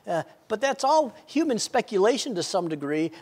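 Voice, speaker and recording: A man's voice: high-pitched, big pitch swings, fairly quick, few pauses. A man preaching a sermon, telling an illustration with frequent stammered repeats. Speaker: pastor.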